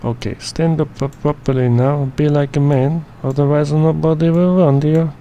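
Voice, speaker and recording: Man, gravelly fry, mellow dark tone, slangy profane rambling, casual editing commentary. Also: on the high side, steady tone, moderate pace, slight background noise. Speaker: editing tutorial narrator.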